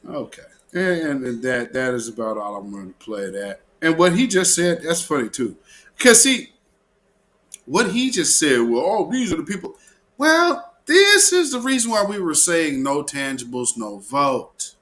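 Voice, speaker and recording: A man's voice: fairly high pitch, sing-song, measured pace, a bit bright. A man hosting a live stream in casual commentary, drawling and repeating words as he goes. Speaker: livestream host.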